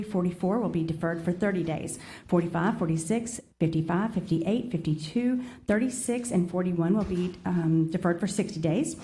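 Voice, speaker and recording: A woman's voice: fairly low pitch, mellow. A woman chairing a public meeting. She reads long lists of agenda numbers and apologizes often.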